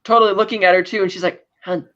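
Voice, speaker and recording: A woman's voice: mid-range voice, racing. Woman co-host recapping a show, lo-fi sound. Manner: animated storytelling, acts out lines with laughs. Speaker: podcast co-host. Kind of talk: casual chat recapping a TV episode.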